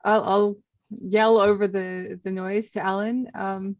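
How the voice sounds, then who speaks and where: A woman's voice: mid-range voice, steady tone, normal speed, darkish tone, no room sound. A woman player at a tabletop game, chatting casually, giggly and a little hesitant.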